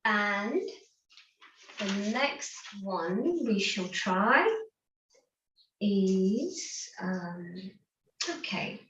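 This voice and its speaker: A woman's voice: mid-range voice, lively intonation, drawn-out words, long pauses, fairly bright tone, muffled recording, slight background noise. A woman guiding an online laughter yoga session, upbeat and encouraging, often breaking into laughter. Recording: roomy, distant from the mic.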